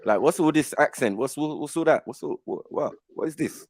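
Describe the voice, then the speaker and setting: A man's voice: on the high side, moderate pace, dry recording. A middle-aged man, telling stories in casual panel chat and acting out the voices he quotes. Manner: animated storytelling, acts out voices in quotes. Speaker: panel host.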